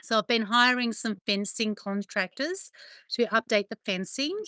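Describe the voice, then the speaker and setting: A woman's voice: on the high side, moderate pace, sharp tone, dry recording. A middle-aged woman with an Australian accent, chatting casually with viewers and cooing affectionately at her dogs. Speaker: livestream host. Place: home with dogs, indoors.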